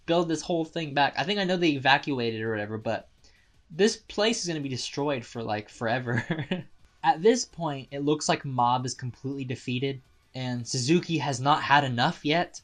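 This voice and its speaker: A man casually recapping and reviewing an anime episode, excitable, laughing often and restarting his sentences. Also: on the high side.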